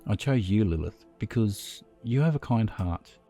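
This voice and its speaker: A man voicing Zack, a calm and menacing old vampire leader, speaking solemnly and with command. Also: on the low side, measured pace, faint music behind, pitched above the performer's own voice.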